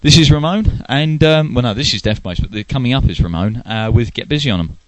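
Male radio host, easygoing and self-mocking, mid-pitched voice, dry close sound. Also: animated, brisk, no echo. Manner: joking, loose, self-deprecating with filler words. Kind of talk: casual radio chat.

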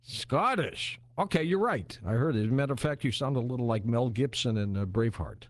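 A man hosting a late-night radio talk show, chatty and relaxed, with lots of filler words. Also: medium pitch, fast. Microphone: studio microphone.

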